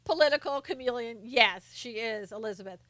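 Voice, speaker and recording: Woman, faint Southern accent, high bright voice, chatty live-stream host, reads comments aloud, laughs often, dry close sound. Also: no echo. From North Carolina, US. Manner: chatty, laughs often, slows down to mimic quotes. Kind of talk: casual chat reading viewer comments.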